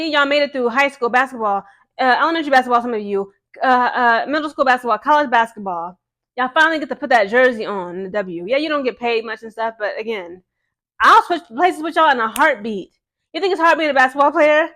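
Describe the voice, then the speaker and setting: A woman's voice: high voice, animated, brisk, a bit bright. A woman vlogging as a sports fan, ranting in a casual, emphatic, exasperated way.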